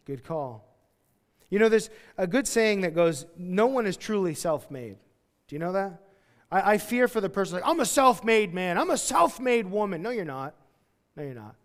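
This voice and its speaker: High-voiced pastor preaching in a reverberant church. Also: male voice. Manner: conversational, self-deprecating asides with quick acted quotes. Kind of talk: verse-by-verse sermon. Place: church sanctuary.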